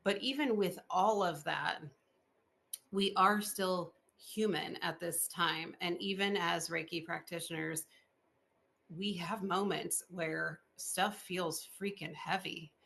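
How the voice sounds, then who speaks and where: A woman podcast host chatting in an interview, expressive and full of fillers, laughing often as she tells stories. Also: lowish voice, slow pace, gravelly. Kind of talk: casual interview chat.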